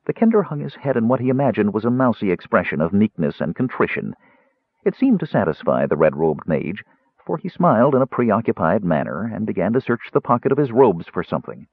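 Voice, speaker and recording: A man narrating a fantasy story in a lively, expressive reading style, on a tinny, dry recording. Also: lowish voice, brisk, gravelly, slightly rough, dry recording. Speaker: audiobook narrator.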